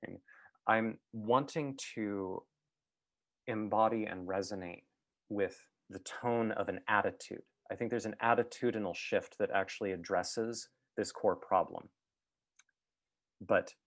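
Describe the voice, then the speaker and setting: A man giving a reflective talk as a guest speaker, thoughtful and halting, with many fillers and restarts. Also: fairly low pitch, steady tone.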